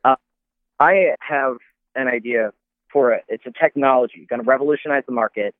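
A man calling in to a comedy podcast, halting and stammering as he pitches a silly idea. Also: no room sound. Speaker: caller. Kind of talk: casual phone-in chat. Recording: tinny phone line.

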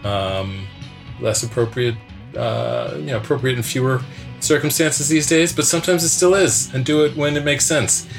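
A man hosting a podcast, reading stage directions and then signing off in a relaxed, conversational way. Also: mid-range voice, normal speed, faint music behind. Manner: relaxed, conversational, some restarts. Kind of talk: scripted narration and podcast sign-off.

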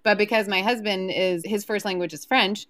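A woman's voice: medium pitch, moderate pace, no room sound. A woman with a Southern American accent, a guest author chatting casually and laughing as she tells stories. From Southern United States. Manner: chatty, laughing, animated storyteller. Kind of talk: casual podcast chat.

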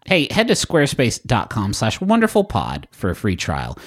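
A man's voice: fairly low pitch, wildly swooping pitch, moderate pace. A man co-hosting a podcast, reading ads and messages in a jokey, mock-dramatic way. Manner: jokey, mock-dramatic, swoops into silly voices. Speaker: podcast co-host. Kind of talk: playful ad reads and banter.

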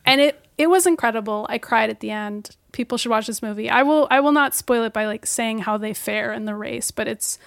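A woman recommends a film in casual podcast chat, enthusiastic and expressive. Her voice sits a little high. The recording is dry and close. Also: a little fast, vocal fry, few pauses, dry recording. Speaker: podcast co-host.

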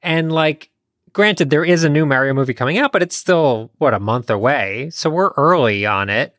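A man co-hosting a casual podcast chat, telling stories in a relaxed way. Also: on the high side, moderate pace, no room sound, clean studio sound. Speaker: podcast co-host.

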